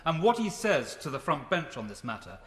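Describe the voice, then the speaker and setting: A man rises to make a teasing, good-humoured intervention in a parliamentary debate. His voice sits a little high and moves with a lively up-and-down pitch. A long reverb from the chamber trails after each phrase. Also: a little fast. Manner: teasing, warmly jocular. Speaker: member of parliament.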